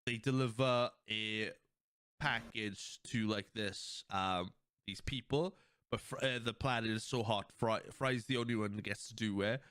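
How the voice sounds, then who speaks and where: A man's voice: on the low side, fairly even intonation, a little slow, a bit bright, clean tone, dry recording. A man hosting a podcast, chatting casually, rambling through episode scenes with lots of restarts and some swearing. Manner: rambling, recounts scenes with quoted lines, swears; many fillers and restarts, laughs along. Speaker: podcast host. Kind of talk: casual chat.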